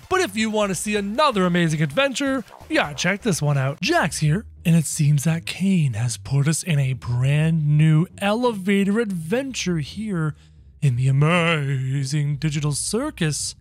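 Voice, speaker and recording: High, lively, excitable male gamer. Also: moderate pace. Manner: excitable, yelps and shrieks at scares; chatty, addresses viewers directly. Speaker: gameplay commentator. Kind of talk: excited game commentary.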